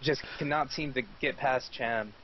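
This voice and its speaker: A man's voice: mid-range voice, fairly even intonation, measured pace. A man with a mid-range voice calls the action of a live esports match, chatty and always joking. The stream audio is dull and lo-fi, with faint noise in the background. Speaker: esports caster. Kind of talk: live play-by-play esports commentary.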